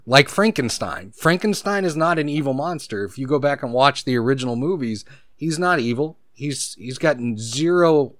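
Guy on a podcast mic, smooth clear voice, dry sound, excited about old movies. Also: medium pitch, dry recording. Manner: enthusiastic, nostalgic, fond of quoting movies. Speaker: podcast co-host. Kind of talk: casual chat. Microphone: own podcast microphone.

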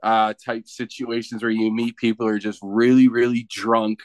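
A man's voice: mid-range voice, flat delivery, moderate pace, no room sound. A man from Canada, a wrestler being interviewed, telling a story in a rambling, casual way with many restarts. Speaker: professional wrestler, guest.

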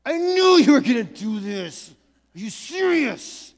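Male preacher doing a grumpy, whiny prophet, high-pitched and put out, with a long echo around him. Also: sing-song, unhurried, heavily acted. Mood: exasperated. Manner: exasperated whining. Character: grumbling reluctant prophet, adult man, sulky. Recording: echoey hall.

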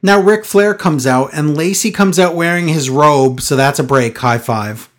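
A man's voice: a little high, moderate pace, a bit bright. A man co-hosting a casual chat, recapping a show in a sarcastic, exasperated way. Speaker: podcast co-host recapping wrestling.

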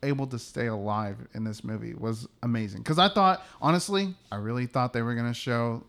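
A man's voice: medium pitch, a little fast, a bit bright. A man co-hosting a film podcast, casually and earnestly making his points, with some swearing. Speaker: podcast co-host.

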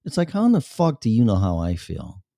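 A man's voice: lowish voice, huge pitch swings, a little fast, gravelly, dark tone, no room sound, clean studio sound. A man hosting a show, talking casually and bluntly to a listener with plenty of swearing. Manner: blunt, profane, talks straight to a listener. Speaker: show host.

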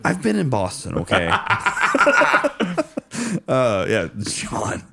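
A man chatting on a podcast, rambling and poking fun at his own slips with a laugh. His voice is fairly low yet very lively in its ups and downs. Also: slow pace, creaky, heavy background noise. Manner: rambling, self-mocking, laughs. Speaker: podcast co-host. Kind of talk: casual chat.

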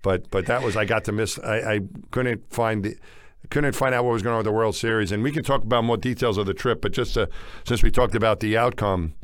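A man's voice: fairly low pitch, fairly even intonation, a little fast, clean tone, no echo. A man from the United States chats casually as a podcast co-host. He rambles, restarting sentences and filling gaps with fillers. The recording is dry and close, with no room sound. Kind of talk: casual chat.

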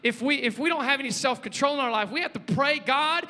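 A man, preaching a lively sermon, joking and calling out to the congregation. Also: very high voice, quick pace. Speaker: pastor. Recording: long hall reverb.

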